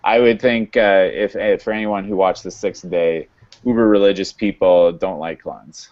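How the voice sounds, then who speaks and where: Man, very low voice, casual podcast recap, halting with lots of ums, dull lo-fi sound. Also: steady tone, darkish tone. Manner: halting, many fillers and restarts. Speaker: podcast host recapping episodes.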